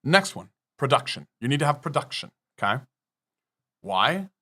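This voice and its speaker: Male podcast guest, a bit high-pitched, emphatic and profane, lecturing style. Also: very animated, moderate pace, pushed and bright. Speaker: business guest. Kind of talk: podcast interview.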